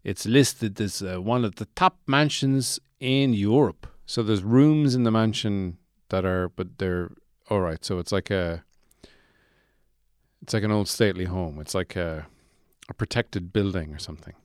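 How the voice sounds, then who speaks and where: A man's voice: on the low side, unhurried, a little mellow, no echo, clean studio sound, lightly acted. A man voicing a deluded, gloomy man who lives in a shed, rambling in a meandering, self-pitying yet chirpy way.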